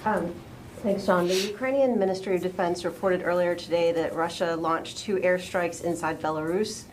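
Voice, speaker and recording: A woman's voice: on the low side, fairly even intonation, moderate pace, a little hiss or hum. A woman reporter asking detailed questions at a press briefing.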